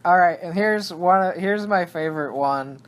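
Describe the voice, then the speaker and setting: A man's voice: high voice, unhurried. A young man co-hosting a casual podcast, rambling, cutting himself off mid-sentence and laughing often. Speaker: podcast co-host. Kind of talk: casual chat.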